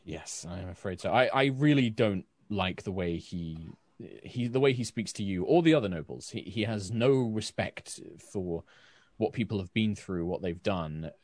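A man voicing a female knight captain in a tabletop game, earnest and halting. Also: sits low, animated, dry recording. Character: stern, honor-bound female knight captain.

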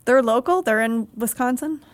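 A female podcast co-host who teases and throws in quick quips. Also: on the high side, lively intonation, no echo. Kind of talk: casual chat.

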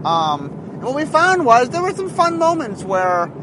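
A head designer talks through a rambling, casual monologue full of fillers and restarts. His voice is high and very animated. Clear car road noise runs beneath him. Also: normal speed.

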